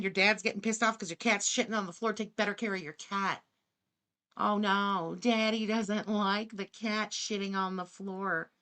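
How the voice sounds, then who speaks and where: A woman's voice: mid-range voice, a bit bright. An English-speaking woman doing blunt, sarcastic live-stream reaction commentary, swearing freely. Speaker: streamer reacting to another creator.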